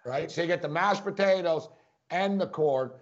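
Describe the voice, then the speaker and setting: Fast-talking high-voiced New York man. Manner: fast-talking, rambling, laughs often. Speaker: podcast co-host. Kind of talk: casual chat. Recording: dull lo-fi audio.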